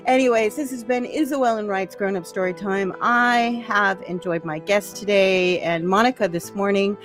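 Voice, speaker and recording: A woman hosting a casual podcast chat, laughing often and loudly as she talks. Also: mid-range voice, moderate pace, soft background music. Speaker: host.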